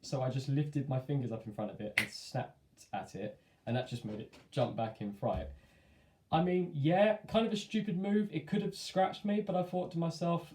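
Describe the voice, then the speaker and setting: A man's voice: on the high side, moderate pace, darkish tone. A young man telling a rambling, chatty story, dropping in lots of "like" and laughing at himself. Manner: rambling, chatty, self-amused, heavy on filler "like". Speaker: vlogger. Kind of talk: casual storytime monologue. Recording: echoey room.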